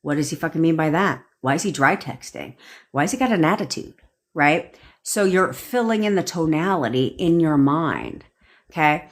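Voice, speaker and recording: A woman's voice: deep voice, expressive, normal speed. A woman manifestation coach on a live stream, ranting bluntly and swearing casually while answering viewers' comments.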